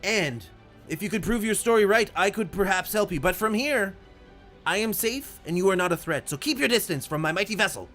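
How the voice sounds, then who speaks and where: A man's voice: lively intonation, brisk, soft background music. A man voicing a very old, nervous male gnome merchant who stammers and talks pompously. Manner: stammering, fussy, high-pitched and loud.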